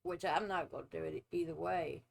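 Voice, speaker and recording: A woman's voice: deep voice, fairly even intonation, gravelly, slight background noise, rough recording. A woman in her forties, a former nurse, hosting a casual reaction video and giving her opinions bluntly. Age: 40s. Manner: blunt, opinionated, drawn-out asides.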